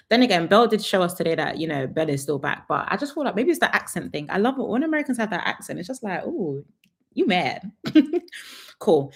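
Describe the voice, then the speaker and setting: A young woman, chatting sassily through a live reality TV review and laughing often. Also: medium pitch.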